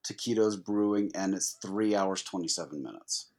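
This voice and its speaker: A man co-hosting a casual podcast about pinball, talking in an animated, chatty way with frequent fillers. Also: sits low, moderate pace. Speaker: podcast co-host. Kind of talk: casual chat.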